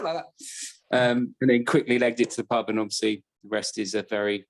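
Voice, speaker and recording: A man's voice: medium pitch, quick pace. Man rambling through a football anecdote. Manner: rambling anecdote with self-corrections. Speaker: podcast co-host. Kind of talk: casual football chat.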